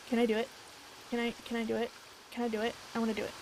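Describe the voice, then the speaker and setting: Excitable swearing woman streamer, high voice. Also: normal speed, noisy background. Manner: excitable, swears freely, talks to the game characters. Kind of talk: casual gameplay commentary. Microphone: desk mic.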